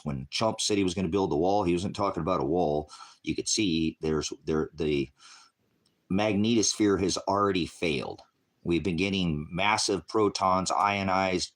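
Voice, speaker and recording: A man speaking in a rambling, meandering monologue, jumping from topic to topic while at home. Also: sits low. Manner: meandering, jumps between topics. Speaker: religious livestreamer. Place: at home with a puppy.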